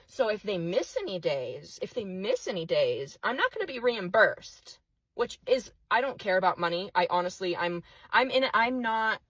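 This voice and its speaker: A young mother vents in a furious, profane vlog rant, swearing and circling back to the same complaints. Her voice is husky and slightly breathy. It sounds dry and close, with no room around it. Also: mid-range voice, fairly bright tone, no room sound, rough recording. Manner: profane, exasperated ranting with repeated outbursts. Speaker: single mother of five.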